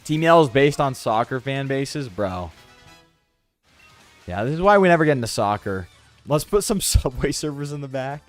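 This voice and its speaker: Animated, sarcastic game streamer man. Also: mid-range voice, normal speed, faint music behind. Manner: sarcastic, riffing and joking. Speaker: let's play streamer. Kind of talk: casual gameplay commentary.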